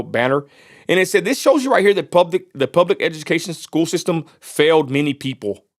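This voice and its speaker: Blunt, scornful man with a higher voice. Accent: Texan. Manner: blunt, scornful, rambling with restarts. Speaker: live stream host. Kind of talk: casual political commentary.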